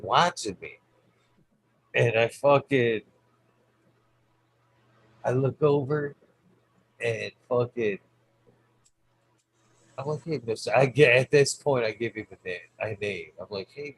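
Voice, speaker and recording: Husky man telling a rambling story. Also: mid-range voice, dry recording, low-quality recording. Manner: rambling, heavy swearing, animated retelling. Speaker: channel host. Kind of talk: casual storytelling vlog.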